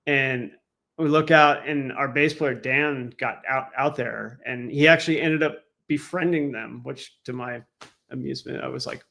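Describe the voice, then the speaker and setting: A man's voice: medium pitch, steady tone, normal speed, creaky, pushed and bright. A man guesting on a podcast in casual chat, telling a story in a rambling way with many fillers.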